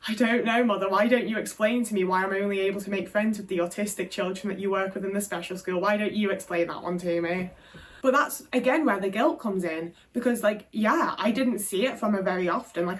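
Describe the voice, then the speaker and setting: Sounding distant from the microphone, this medium-pitched woman is a British video creator recounting her life to camera. Her storytelling is candid, peppered with swearing and "like" fillers.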